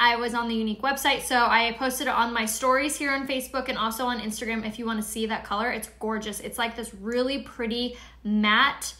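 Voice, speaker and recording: Brief: chatty woman from San Diego, slightly high, bright voice, hosting a casual live makeup tutorial with rambling asides. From San Diego, California. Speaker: beauty product seller and live-streamer.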